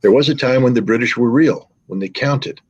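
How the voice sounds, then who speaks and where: A man's voice: mid-range voice, brisk, breathy edge, dull audio. A middle-aged man giving scornful, sarcastic political commentary in hammering repeated phrases. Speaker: guest commentator.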